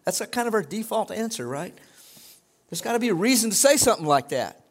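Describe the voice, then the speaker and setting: A man's voice: high voice, sing-song, normal speed, long pauses. A middle-aged male pastor preaching a sermon in a conversational way that swells into emphatic exhortation.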